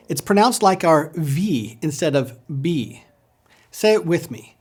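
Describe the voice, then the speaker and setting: A man's voice: a little high, big pitch swings, unhurried, slightly rough. A man leading a patient pronunciation lesson, drilling sounds for the listener to repeat. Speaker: language teacher.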